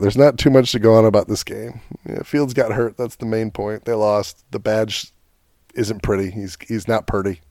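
A man's voice: on the low side, a little mellow, no room sound. A man hosting a podcast, ranting in a casual, profane and sarcastic way about his football team. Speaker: podcast host. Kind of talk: casual sports rant.

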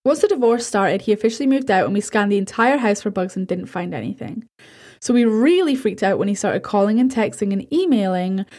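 A woman with a somewhat high-pitched voice hosts a spooky story podcast. She reads creepy accounts aloud, then drifts into loose, rambling, self-deprecating chatter with her listeners. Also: a little mellow. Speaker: podcast host. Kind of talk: horror story retelling and casual sign-off.

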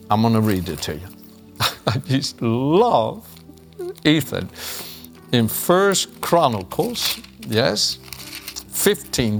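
A man's voice: mid-range voice, creaky, fairly bright tone. A man preaching a devotional sermon, reading scripture and telling stories in an earnest way with frequent chuckles. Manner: earnest storytelling, chuckles often.

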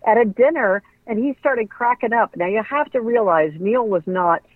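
A middle-aged woman, a radio personality and author, telling lively stories in an interview and acting out the voices of people she quotes. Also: fairly high pitch, moderate pace, no room sound. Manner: animated storyteller who acts out quoted voices. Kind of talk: conversational storytelling interview. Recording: tinny phone-like line, dry.

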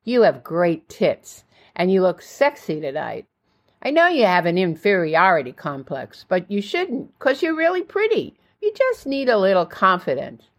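A woman voicing a cocky, smooth-talking popular teenage boy, speaking in a slow, coaxing way. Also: on the low side, sing-song.

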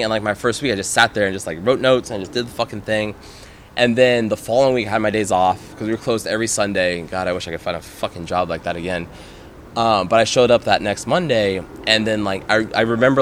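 A man's voice: lowish voice, a bit bright, slight background noise. A man who is a former sushi chef, hosting a casual podcast chat and telling long, profane stories full of fillers, acting out the lines of the people in them. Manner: profane, rambling storyteller, lots of "dude" and "like"; acts out quotes of other people in his stories.

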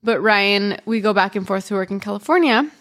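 A woman with a medium-pitched, fairly bright voice hosts her own podcast, casually telling a personal story. She's chatty and full of "like" and "um," moving between quick bursts and slow pauses.

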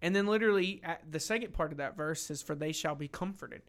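A man's voice: fairly high pitch, fast talker. A young man talking earnestly about faith in a casual discussion, emotional and full of restarts. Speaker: lay preacher.

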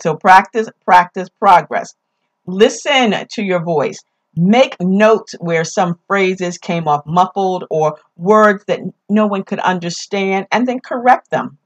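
A woman's voice: medium pitch, slow pace. Upbeat New York woman hosting a podcast. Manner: upbeat, emphatic, repeats key phrases. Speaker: podcast host. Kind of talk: casual podcast tips.

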